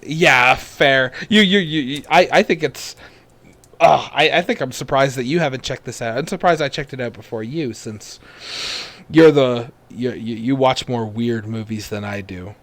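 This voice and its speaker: A man co-hosts a movie podcast at a middling pitch. He chats casually and stumbles through restarts and repeated words as he gathers his thoughts. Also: moderate pace, fairly bright tone, dry recording. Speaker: podcast co-host. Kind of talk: casual chat.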